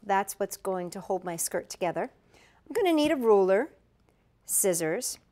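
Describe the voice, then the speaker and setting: A woman's voice: medium pitch, darkish tone, clear, resonant tone. A middle-aged woman giving a chatty step-by-step craft tutorial, correcting herself as she demonstrates. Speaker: craft instructor.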